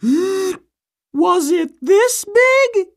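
A worried mother frog from a children's storybook, her voice pitched very high and her words stretched slow and long, as a woman acts her out. She fusses over her little ones with anxious questions. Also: sing-song, heavily acted. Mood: doubtful. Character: anxious mother frog, fussing, grief-stricken. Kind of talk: storybook acting.

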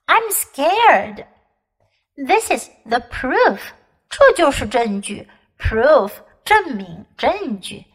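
A woman teacher reading a children's chapter book aloud and leading an English lesson, speaking clearly and patiently and repeating phrases for learners. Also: sits high, a bit bright, rough recording. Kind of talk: bilingual storybook reading and lesson.

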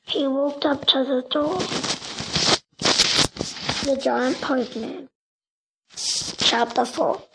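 A woman reading a children's storybook aloud, slow and deliberate, with occasional slips. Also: high-pitched, creaky, heavy background noise.

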